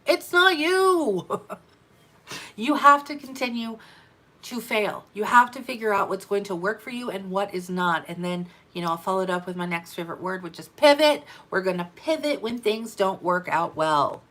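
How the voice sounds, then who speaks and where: A woman coaching her sales team in an energetic, emphatic talk, repeating her key phrases for effect. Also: medium pitch, moderate pace. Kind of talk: motivational business talk to camera.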